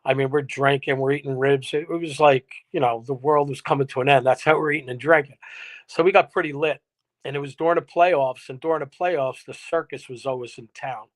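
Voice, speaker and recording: A man's voice: mid-range voice, fairly even intonation, brisk. A man, a musician guest telling a rambling, laughing anecdote with some salty language. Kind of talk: casual interview storytelling. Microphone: remote live-stream guest.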